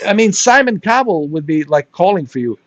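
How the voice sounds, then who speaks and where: A man's voice: sits high, big pitch swings, brisk, a bit bright, no room sound, dull audio. A man ranting crudely and mocking someone in casual chat, laughing often as he goes. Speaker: gaming streamer.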